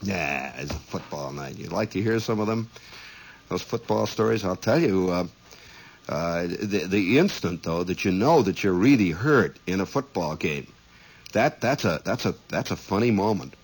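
A man's voice: low voice, lively intonation, normal speed, slightly rough, poor audio. A middle-aged man telling rambling, folksy stories as a radio host, acting out voices and exclamations. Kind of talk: rambling storytelling monologue.

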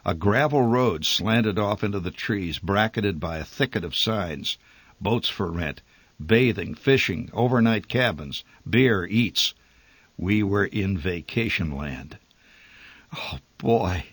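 Husky low-voiced male storyteller. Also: lively intonation, slow pace, fairly bright tone, no echo. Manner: wry, nostalgic storytelling. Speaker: narrator. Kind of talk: audiobook story narration.

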